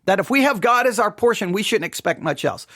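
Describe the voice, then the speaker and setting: A man's voice: high voice, animated, fairly quick, fairly bright tone, dry recording, studio quality. A man giving a devotional Bible study talk, thinking aloud with frequent restarts and rhetorical questions. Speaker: Bible teacher.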